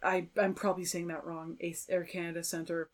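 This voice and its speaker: A young woman, a violinist guest on a podcast, telling a story in a casual, animated way and acting out other people's voices. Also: lowish voice, a little fast.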